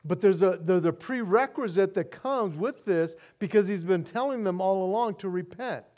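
Male pastor with a high voice, earnest sermon delivery with frequent restarts, moving between soft and emphatic. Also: moderate pace.

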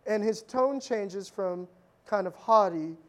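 A pastor preaching a sermon, telling stories in a conversational way with humorous asides and sudden drops from loud emphasis to quiet intensity. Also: mid-range voice, slow.

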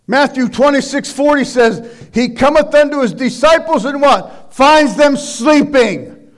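A man preaching a sermon, loud and emphatic, shouting exhortations and dropping into quiet asides. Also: extremely high pitch, a little slow. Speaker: pastor.

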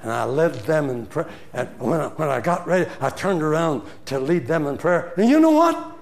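An older man preaching a sermon, telling a story with animated swings from loud to hushed. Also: sits high.

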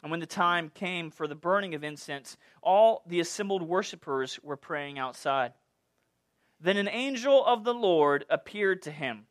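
A man preaching a sermon in a playful, animated way, full of jokes and asides. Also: a little high, measured pace. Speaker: pastor.

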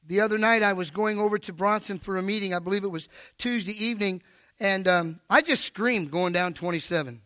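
An older man preaching a sermon at a live church service, animated and preachy, with joking asides. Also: high voice, brisk, no room sound, studio quality. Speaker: pastor.

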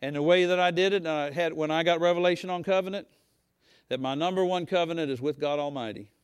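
Man, middle-aged pastor, folksy conversational sermon, slightly high voice, dry close mic. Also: quick pace, clear, resonant tone, no echo. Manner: folksy preaching, talks to the congregation, rising to shouts.

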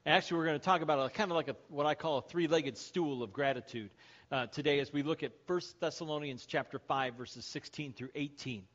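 This pastor's voice runs on the high side and moves briskly as he kicks off a sermon with a joke. He plays out each character's lines, including their shouts, captured in lo-fi podcast-style sermon audio.

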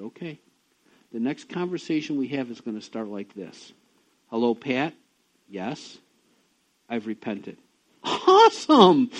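A middle-aged man preaching a sermon, emphatic, dropping low and quiet and then rising loud and high. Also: low-quality recording. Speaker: pastor.

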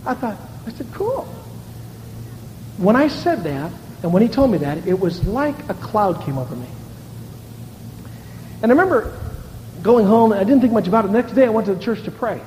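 A man preaching a sermon as a pastor, animated, moving between shouts and hushed asides and laughing often. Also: high-pitched, fairly quick, big-room sound, slight background noise, poor audio.

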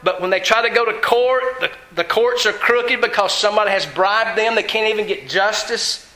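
A man's voice: high-pitched, moderate pace, sharp tone, roomy sound, low-quality recording. A man preaching a sermon in an earnest, conversational way, often asking his listeners questions.

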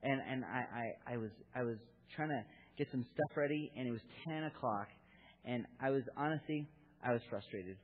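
A man's voice: mid-range voice, moderate pace. A man in his thirties giving an earnest, candid sermon to fathers, telling stories from his own family. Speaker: preacher at a church gathering for fathers. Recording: tinny phone-like lo-fi recording.

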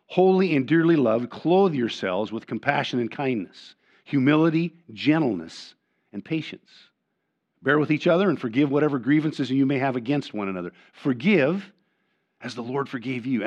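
An older man delivers a sermon as pastor, his pitch sitting in an ordinary middle range. He repeats and restarts words, alternating emphatic punches with quiet asides. The recording is dull and lo-fi, as if captured in a church sanctuary. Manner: earnest preaching with frequent repeated words and restarts; swings between loud emphatic lines and quiet asides.

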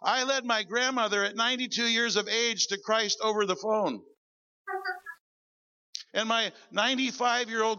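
A male preacher with a bright, high-pitched voice tells stories from the pulpit. He slips into the voices of the people he describes. The recording sounds a little dull and lo-fi. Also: in a large hall. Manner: animated, acts out voices in his stories. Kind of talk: storytelling sermon.

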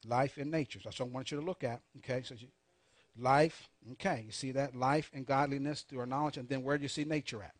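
A man preaching a sermon, leading call-and-response and repeating key points slowly and emphatically. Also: medium pitch, steady tone, no room sound. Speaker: pastor leading a Bible study.

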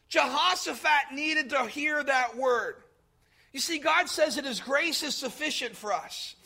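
Man, pastor, sermon, very high voice, sharp tense tone, direct and conversational, shouted emphasis. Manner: conversational, addresses congregation directly.

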